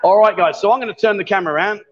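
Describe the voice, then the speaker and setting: A man's voice: high voice, racing, lo-fi sound. A man hosting a live stream from a bar, chatting and bantering casually with a jokey manner. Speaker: livestream host. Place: busy bar with a pool table.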